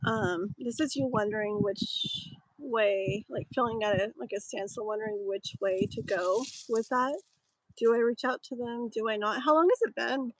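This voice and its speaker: A woman's voice: a little high, moderate pace, no room sound, rough recording. A woman in her thirties chatting casually while doing live tarot readings, rambling with lots of fillers and a slightly strained voice. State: voice strained, clearing throat. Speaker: tarot reader streaming live. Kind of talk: casual live-stream chat.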